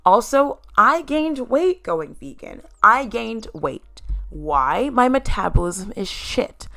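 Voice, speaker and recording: Gravelly-voiced woman vlogger, candid. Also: a little high, sing-song, slow pace, fairly bright tone. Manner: candid and emotional, sometimes tearful; emphatic, addresses viewers directly. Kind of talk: personal video talk to camera.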